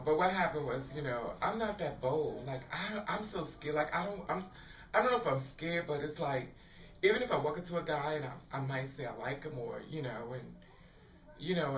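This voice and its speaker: A woman's voice: low-pitched, fairly bright tone. Laughing, foul-mouthed woman in a roomy echo. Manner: chatty, laughs often, swears freely. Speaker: vlogger. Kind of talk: casual storytelling chat to camera. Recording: roomy, distant, dull lo-fi sound.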